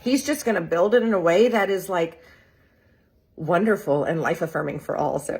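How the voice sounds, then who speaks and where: Woman tarot reader, husky and lower-pitched, chatty and upbeat delivery. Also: moderate pace, darkish tone. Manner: chatty, enthusiastic, laughs often, lots of "like" and "right?". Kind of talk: casual tarot reading video. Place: real estate group's social video.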